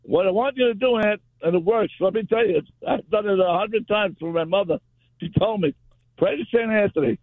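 Gravelly man on a tinny phone line. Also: high voice, a little fast, no echo.

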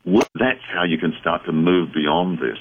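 A very low-pitched man with a husky voice answers callers on a late-night radio show. He explains things in an unhurried, reflective way. The sound comes through a thin, phone-like radio band. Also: steady tone. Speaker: radio show guest, psychic medium. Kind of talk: call-in radio conversation.

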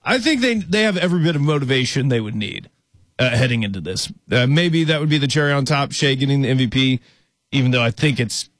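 A man's voice: medium pitch, expressive, quick pace, fairly bright tone, dry recording, clean studio sound. A man co-hosting an afternoon sports radio show, chatting loosely and poking fun at his own mistakes. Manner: loose, self-deprecating, laughs easily. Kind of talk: casual sports radio banter.

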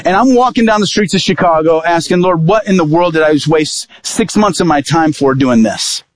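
A man preaching as an evangelist, telling a personal story in a lively sermon style and acting out what people said. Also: on the high side, normal speed, a crowd in the background. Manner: vivid storytelling, acting out quoted dialogue.

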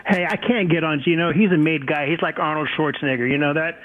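A man's voice: a little high, fast. A man calling in to a sports radio show, ranting bitterly and trash-talking. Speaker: caller. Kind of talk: radio call-in rant. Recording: tinny phone line.

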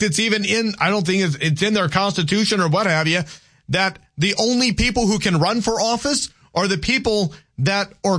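Male talk radio host, opinionated, conversational, high voice. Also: fairly bright tone. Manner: opinionated, conversational, reads texts aloud.

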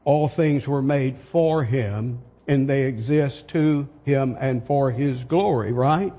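A husky older preacher delivers his sermon at an unhurried pace. He fires off rhetorical questions with emphatic force. The voice rings out with the long reverb of a large church hall. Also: medium pitch, warm tone.

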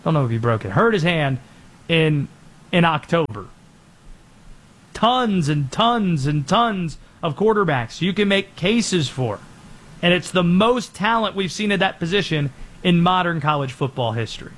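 Guy hosting a sports show, high voice, bouncing all over the place, fast energetic delivery. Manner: quick energetic delivery with lively pitch swings. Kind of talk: sports talk monologue.

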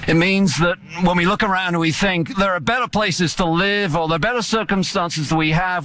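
A man preaching a sermon in an earnest, measured way. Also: sits high, bright, forceful tone.

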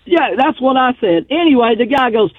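A man's voice: very high-pitched, expressive, normal speed, no echo. A man calling in to a radio show, telling a story in a folksy, rambling way. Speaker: radio caller. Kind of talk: casual storytelling on a call-in show. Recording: tinny phone line.

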